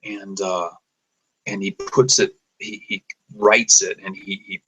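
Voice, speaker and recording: A man improvising a story aloud, describing scenes as he goes, often pausing and restarting mid-sentence. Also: deep voice, pushed and bright, low-quality recording. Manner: halting, searching for words, many restarts.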